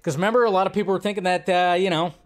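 A man hosting a live film news stream, talking casually and rambling with lots of fillers, his voice jumping up when he makes a point. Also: very fast. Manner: chatty, rambling, filler-heavy; animated, pitch jumps up when making a point.

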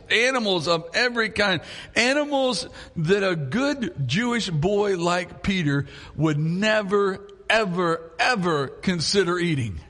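A man preaching a sermon as a pastor, telling the story in an animated way and chuckling often. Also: high voice. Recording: long hall reverb.

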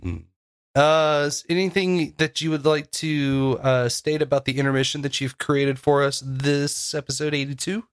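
A man's voice: a little high, fairly even intonation, normal speed, clear, resonant tone, dry recording, studio quality. A young man co-hosting a podcast in loose casual chat, rambling with lots of fillers and laughs. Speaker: podcast co-host.

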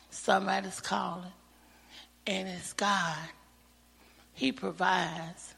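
A woman speaks slowly and earnestly before a church gathering, her voice gravelly and breathy. Her testimony builds to fervent praise. The sound carries the long reverb of a church hall. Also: medium pitch, a bit bright. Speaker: church member giving testimony.

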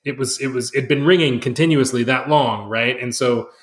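A man of middle pitch talks in a casual chat, hesitant and restarting his sentences. He keeps checking in with his listeners as he works through a thought. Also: moderate pace. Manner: hesitant, restarts, asks right? often. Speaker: podcast co-host.

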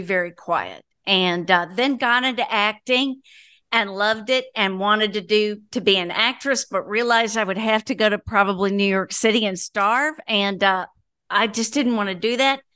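A middle-aged woman from Indiana, a radio broadcaster, telling an animated, self-mocking story in an interview with bursts of laughter. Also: mid-range voice, clear, resonant tone, no echo, studio quality. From Indiana, USA.

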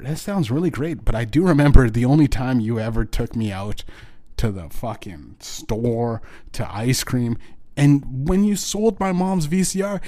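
An angry man venting on his own show, voice at an ordinary middle pitch. He curses freely and lurches from raised, heated bursts down to quiet, resentful muttering. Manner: bitter, profane, swings between shouting and muttering. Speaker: podcast host. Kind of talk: angry personal rant.

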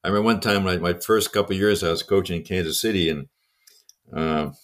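Older male co-host, low voice, rattles off coaching stories fast with a laugh. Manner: fast, lively anecdotes with chuckles. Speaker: podcast co-host and former baseball coach. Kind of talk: casual storytelling conversation.

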